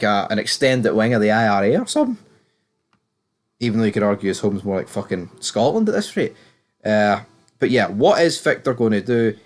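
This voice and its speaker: A young British man giving a casual, opinionated recap of a TV episode, swearing freely and jumping up in pitch when he exclaims. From Britain. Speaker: TV show reviewer. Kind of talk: casual spoken recap and commentary.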